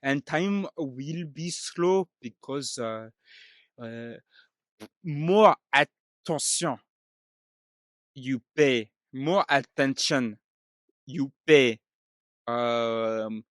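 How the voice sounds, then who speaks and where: Man putting on a halting French-accented dad. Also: medium pitch, a bit bright, no echo, studio quality. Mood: earnest. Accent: put-on French. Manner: halting broken English, many fillers. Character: halting middle-aged French father.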